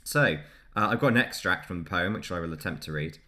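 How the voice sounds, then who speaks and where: A man's voice: deep voice, lively intonation, a little fast, pushed and bright. A man hosting a podcast, telling history in a loose, chatty way and laughing often between facts. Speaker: podcast host. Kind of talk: casual history podcast chat.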